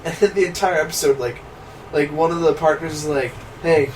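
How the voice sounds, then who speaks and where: A young man chatting casually on a movie commentary, an animated storyteller who laughs often and slips into loud impressions. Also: a little high, a little fast. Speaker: co-host. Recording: noisy, distant room recording.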